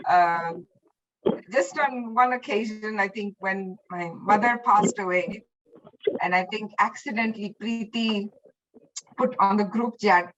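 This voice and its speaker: A woman guest chatting about memories of her teacher, animated and full of restarts. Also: medium pitch, dull audio. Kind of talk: casual spoken reminiscence.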